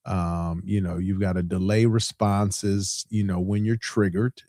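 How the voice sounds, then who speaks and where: A man's voice: low-pitched, little pitch movement, measured pace, warm tone, no echo, studio quality. A middle-aged man, a pastor hosting a podcast, telling a story in a casual way and repeating points for emphasis. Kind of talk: casual preaching podcast talk.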